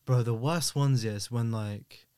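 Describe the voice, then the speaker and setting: A man's voice: mid-range voice, a little slow, mellow, clean tone, dry recording. Guy podcasting, dry close sound, slangy. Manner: slangy, asks the questions. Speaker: podcast co-host. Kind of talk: casual chat.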